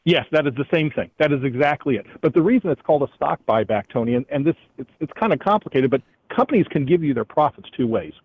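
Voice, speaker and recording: Husky guy on a call, kinda high voice, dull muffled line, firm and worked up. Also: animated, fast, hardly any pauses, no room sound. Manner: emphatic, indignant, repeats the host's name. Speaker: economist guest. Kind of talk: radio interview. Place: airport, calling in while traveling.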